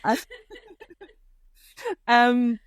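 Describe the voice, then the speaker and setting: A woman's voice: on the high side, lively intonation, very slow, clear, resonant tone, dry recording, clean studio sound. A young woman, a guest on a podcast, chatting enthusiastically about a film. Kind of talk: casual film chat.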